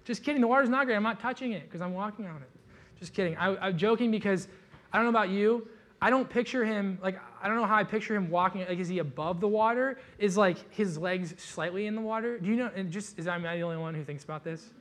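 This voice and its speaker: A man delivers a sermon like a relaxed storyteller, cracking jokes and piling on casual fillers. His voice sits a little high for a man. The tone stays conversational rather than formal. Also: fast talker. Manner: casual, joking, animated storytelling with many "like" fillers. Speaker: pastor.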